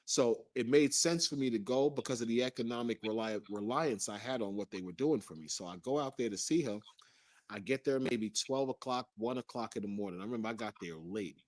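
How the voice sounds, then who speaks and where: A man's voice: medium pitch, a little fast, no room sound, studio quality. A man as an interview guest, recounting a personal story in an earnest way.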